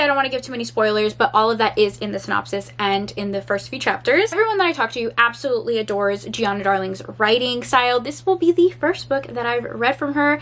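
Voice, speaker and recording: A young woman book vlogger chatting casually in a reading vlog, gushing and excitable, swearing now and then. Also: a little high.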